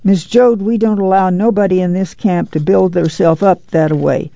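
Reader doing a fierce woman, bitter, hoarse, gravelly, dry dull sound. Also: medium pitch, steady tone, moderate pace, dark tone, dry recording, lightly acted. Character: fierce proud poor woman.

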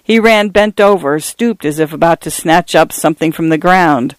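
High-voiced man narrating a tense story. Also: no room sound. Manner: measured, tense, dramatic reading. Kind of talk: audiobook narration of literary fiction.

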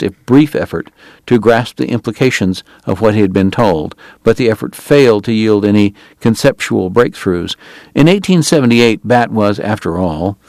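A man's voice: lowish voice, a little mellow, no echo. Man narrating an audiobook, dry close sound.

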